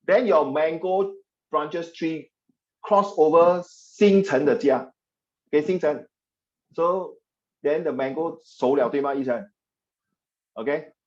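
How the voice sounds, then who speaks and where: Animated man teaching history online. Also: on the high side, takes it slowly, long pauses, dull audio. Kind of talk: online class lecture.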